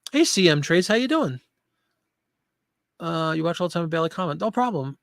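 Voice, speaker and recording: A man's voice: on the high side, animated, a little fast, creaky, a bit bright, no room sound. A middle-aged man hosting a casual live chat show, chatting and answering viewer comments. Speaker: host of a live chat show for online sellers.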